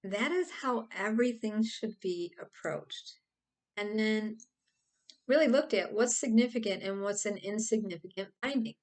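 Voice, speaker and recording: A woman hosts her own casual explainer video, talking through a topic loosely and acting out silly examples as she rambles. Her mid-range voice has a darkish tone and a moderate pace.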